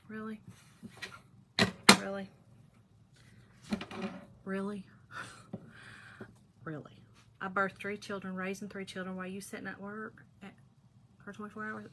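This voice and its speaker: A woman's voice: mid-range voice, a little slow, long pauses, bright, forceful tone, a little hiss or hum. A middle-aged woman hosting a casual crafting livestream, chatting in a folksy way and reading out viewer comments.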